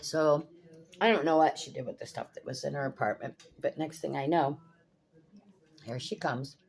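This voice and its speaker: Low gravelly older woman, blunt and profane. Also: moderate pace, a little mellow. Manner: blunt, swears freely, exasperated retelling. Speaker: vlogger. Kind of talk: casual storytelling.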